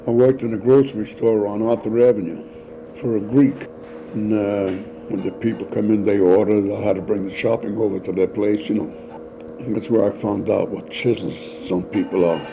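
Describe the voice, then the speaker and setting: A man's voice: lowish voice, normal speed, vocal fry. An older man, telling stories as the interviewee and acting out the voices of the people in them. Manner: animated storyteller acting out voices, laughs often. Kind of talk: storytelling. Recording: dull lo-fi home recording with faint noise.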